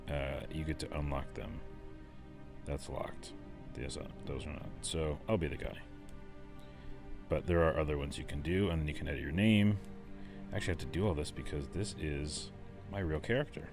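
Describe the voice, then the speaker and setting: A man's voice: extremely low pitch, normal speed, music in the background. A man casually talking through a mobile game, chatty and enthusiastic, rambling as he plays. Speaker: let's play host.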